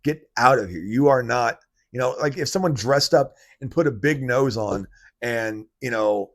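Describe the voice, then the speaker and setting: A man hosting his own political commentary vlog, talking in an animated rant that is full of fillers and restarts. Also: medium pitch. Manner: animated ranting, heavy fillers. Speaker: channel host.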